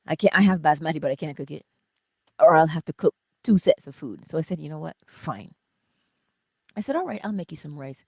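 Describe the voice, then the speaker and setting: Middle-aged woman, warm breathy tone, casual spiritual chat, soft whispered asides, frequent laughs. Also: low-pitched, lively intonation, fast talker, dry recording. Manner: chatty storytelling, drifts into soft whispers, laughs often. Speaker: host of a morning livestream.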